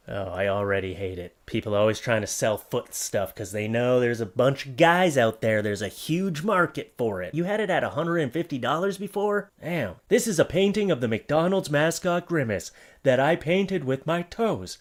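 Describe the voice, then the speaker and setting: A man's voice: fairly high pitch, expressive, moderate pace, hardly any pauses. Young male comedy host, sarcastic and rambling, recorded at a home desk. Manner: sarcastic, puts on silly mock voices. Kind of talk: reading and riffing on online listings. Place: home setup at a computer desk.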